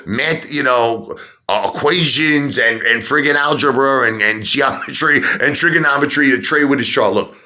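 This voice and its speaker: A middle-aged man ranting heatedly to his viewers about stocks, repeating himself and rising to shouts. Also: medium pitch. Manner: animated, repetitive, rising to shouts. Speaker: stock market video host. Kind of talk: heated opinion rant.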